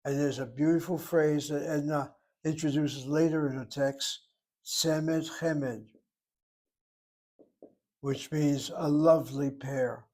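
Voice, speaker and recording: An older man teaching a Hebrew class, patiently explaining and slowly spelling out words. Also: on the high side, fairly even intonation, darkish tone. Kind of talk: classroom lesson.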